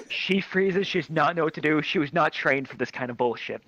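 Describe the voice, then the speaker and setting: Animated male storyteller, crude comic anecdote, bright and lively, dry dull headset mic. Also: a little high, brisk, hardly any pauses, a little hiss or hum. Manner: crude, animated, shrieks quoted lines. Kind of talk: comic anecdote told to a crowd.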